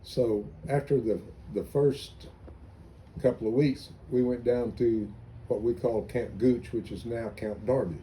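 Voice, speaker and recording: A man's voice: mid-range voice, steady tone, unhurried, warm tone, a little hiss or hum, rough recording. Older man telling army stories. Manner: rambling anecdotal storytelling with restarts. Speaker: interviewee, veteran. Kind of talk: oral history interview.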